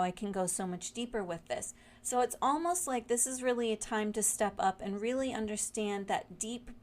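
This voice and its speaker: Gentle meandering woman giving a weekly card reading. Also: mid-range voice. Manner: gentle, meandering, with many fillers and restarts. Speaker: spiritual guide reading weekly oracle cards. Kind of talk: casual reflective talk.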